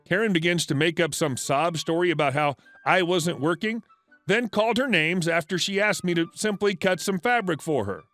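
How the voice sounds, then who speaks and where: A man reading online stories aloud as a scripted narration, in a lively storytelling manner. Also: high-pitched, normal speed, no echo, soft background music.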